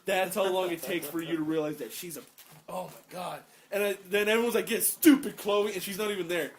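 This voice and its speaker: A man's voice: sits high, brisk, crowd noise. A teenage young man casually telling crude school stories to friends, acting out what classmates said. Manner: crude, animated storyteller acting out classmates' lines. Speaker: podcast co-host. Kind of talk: casual chat, storytelling.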